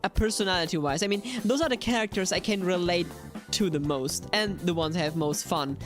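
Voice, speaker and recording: A woman, a game streamer chatting playfully with viewers and repeating herself in excitement. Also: fairly low pitch, brisk, over music. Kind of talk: live-stream chat answering viewers.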